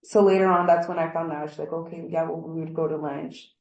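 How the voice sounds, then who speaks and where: Woman recounting workplace events, mellow tone, echoey room. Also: low voice, steady tone, brisk, lo-fi sound. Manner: rambling, acts out quoted dialogue. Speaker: employee giving a workplace statement. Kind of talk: recorded workplace interview.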